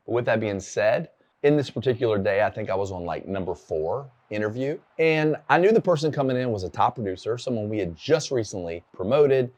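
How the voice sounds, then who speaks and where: A man's voice: on the low side, a little mellow. Earnest man giving workplace advice. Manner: earnest, candid, urging. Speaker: workplace leadership speaker. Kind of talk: solo advice talk with a personal story.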